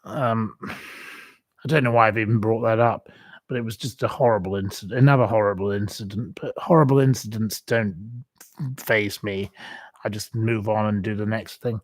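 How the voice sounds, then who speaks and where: A man's voice: on the low side, steady tone, normal speed, dry recording. A man hosting a casual livestream, rambling and chatty with many ums and asides. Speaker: host.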